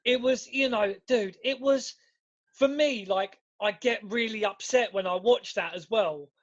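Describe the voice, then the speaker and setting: A man's voice: high-pitched, a little slow, lo-fi sound. A man co-hosting a podcast in casual chat, laughing often and swearing freely as he retells scenes with energy. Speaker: podcast co-host.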